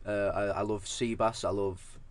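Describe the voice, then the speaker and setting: A young man co-hosting a podcast, telling an absurd story in a deadpan way with halting restarts. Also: fairly low pitch. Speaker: podcast co-host.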